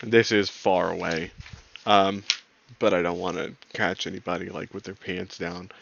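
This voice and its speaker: A man's voice: low-pitched, flat delivery, normal speed, creaky, highs cut off, noisy background. A man running a tabletop game as dungeon master, chatting casually with his players, joking, laughing often and swearing freely.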